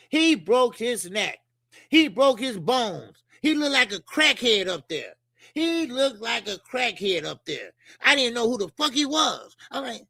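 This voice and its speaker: 남자 복싱 진행자, 높고 거친 목소리, 건조한 녹음. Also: male voice, very high voice, dry recording, studio quality. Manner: animated, profane, rambling rant. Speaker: boxing show host. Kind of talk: casual boxing commentary.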